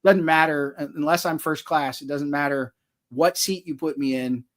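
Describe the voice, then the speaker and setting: Guy on a video call spinning a long folksy yarn, kinda high-pitched, pokes fun at himself. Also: fairly even intonation, normal speed. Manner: folksy, rambling, self-deprecating humor. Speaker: author guest. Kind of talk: casual storytelling on a live chat.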